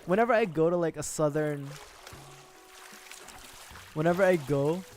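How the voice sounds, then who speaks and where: A man's voice: a little high, unhurried, a little mellow, faint music behind. A young man streaming, chatting casually and rambling, with frequent laughs. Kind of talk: casual livestream chat.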